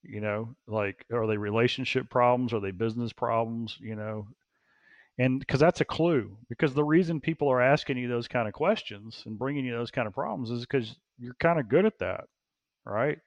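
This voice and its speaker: A man speaking as an interview guest, a business coach who talks in an animated way, repeating phrases and laughing often. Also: mid-range voice, normal speed, dry recording, lo-fi sound. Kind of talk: casual interview talk.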